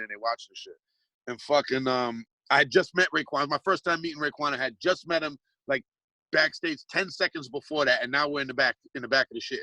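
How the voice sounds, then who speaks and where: A man's voice: mid-range voice, pushed and bright, no echo, rough recording. A man telling a long street story in casual chat, swearing freely and restarting his sentences often. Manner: profane, rambling, restarts a lot. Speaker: hip-hop artist guest.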